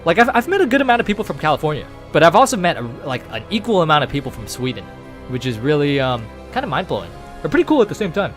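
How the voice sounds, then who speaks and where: Dude streaming, rambling chat w/ viewers, pitch all over the place, faint music behind. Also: male voice, quick pace. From United States. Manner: rambling, animated, casual swearing, many fillers. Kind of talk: casual chat with viewers while gaming.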